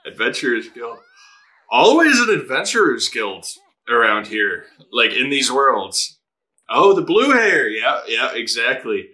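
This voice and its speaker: Excitable man with a sharp, bright voice. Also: medium pitch. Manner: excitable, laughs often, swears freely; drops into quick voices for characters. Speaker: anime reaction host. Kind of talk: casual reaction commentary.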